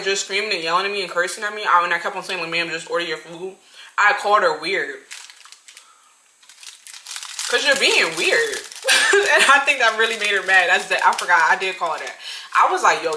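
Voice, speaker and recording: A woman in her twenties telling a story-time tale to her viewers, animated and talking straight to them. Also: medium pitch, a little fast, slight background noise. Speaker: vlogger. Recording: roomy echo.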